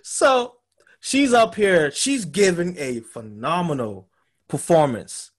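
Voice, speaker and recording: A man's voice: fairly high pitch, expressive, slow. A man co-hosting a podcast, casually recapping a TV episode as a loose story full of profanity. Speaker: podcast co-host.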